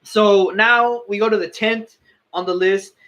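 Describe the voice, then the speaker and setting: A man's voice: sits high, steady tone, measured pace, pushed and bright, muffled recording. A young man giving casual, opinionated sports commentary, often correcting and restarting himself.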